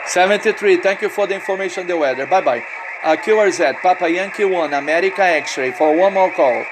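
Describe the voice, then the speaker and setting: A man's voice: high-pitched, brisk, noisy background. A Brazilian man with a Brazilian Portuguese accent, a ham radio operator chatting and spelling call signs in friendly, repetitive English. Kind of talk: amateur radio contact over satellite.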